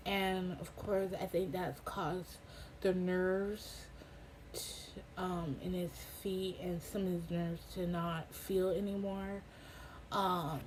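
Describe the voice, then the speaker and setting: A young woman giving a casual personal update, halting with many ums and getting emotional. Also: medium pitch, darkish tone, slight background noise, poor audio. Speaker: vlogger. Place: home in a hot desert town.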